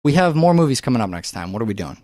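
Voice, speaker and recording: A man co-hosting a podcast in a studio, talking about movies in a casual, animated way and swearing freely. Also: mid-range voice, racing, no room sound. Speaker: podcast co-host. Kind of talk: casual film chat.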